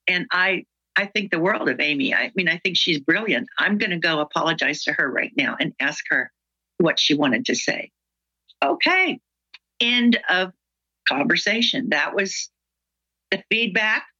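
Bright, animated woman telling workplace stories. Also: lowish voice, husky, muffled recording. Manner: acts out dialogue with lively voice shifts. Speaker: guest speaker on workplace communication. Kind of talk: animated storytelling interview.

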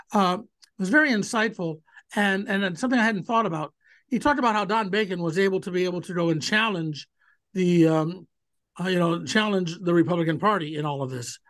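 A man's voice: sits high, fairly bright tone. A man in his sixties chatting about politics as a guest, rambling and hesitant with many fillers. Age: 60s. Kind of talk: casual political chat.

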